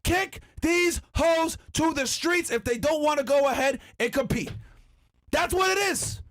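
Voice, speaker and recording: A man hosting a podcast, ranting loudly and emphatically, heavy on profanity and often shouting. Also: extremely high pitch, a little slow. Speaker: podcast host. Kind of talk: heated podcast rant.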